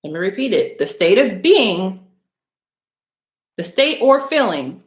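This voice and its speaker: Speaking animatedly at a moderate pace, a woman with a low voice holds forth as a spiritual reader in a loose, rambling monologue. She's profane and teasing, calling out her audience bluntly, and the roomy, echoey recording has slight background noise.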